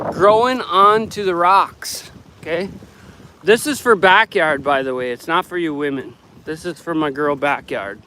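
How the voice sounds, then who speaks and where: Guy filming himself out on the lake, kinda high voice, lots of wind hitting the mic. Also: low-quality recording. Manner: excitable, swears freely. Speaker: vlogger. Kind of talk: casual outdoor vlog chat. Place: outdoors on a lake shore and boat. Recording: wind noise on the mic outdoors.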